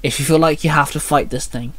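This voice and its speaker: Man reading a calm, grieving mother. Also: on the high side, fast, dry recording. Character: grieving middle-aged mother, calm and supportive.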